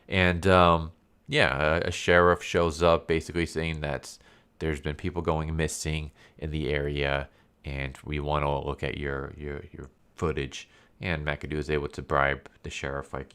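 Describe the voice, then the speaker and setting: A man's voice: a bass voice, flat delivery, moderate pace, a bit bright, clean tone. A man giving a casual, rambling comic book review with lots of fillers. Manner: loose, rambling, filler-heavy recap.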